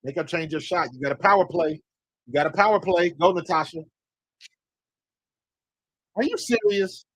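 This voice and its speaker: Man, fan watch-along commentary, excitable, coaching the screen, slightly high, husky, dry close sound. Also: moderate pace, long pauses, no room sound. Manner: excitable, talks to players on screen, coaching and scolding.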